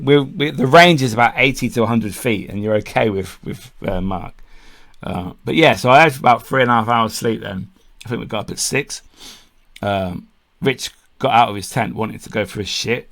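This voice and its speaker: A man's voice: fairly low pitch, moderate pace, vocal fry, fairly bright tone. Bloke on a podcast, swears a lot, does everyone's lines, laughs as he goes. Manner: swears freely, acts out quotes, laughs mid-story. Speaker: podcast co-host. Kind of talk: casual storytelling chat.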